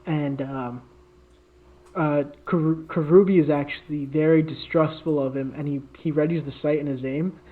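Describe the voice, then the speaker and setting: With a voice on the high side and fairly even intonation, a podcast co-host tells an invented story at a moderate pace. He rambles casually, often restarting and using fillers. The recording sounds tinny and phone-like.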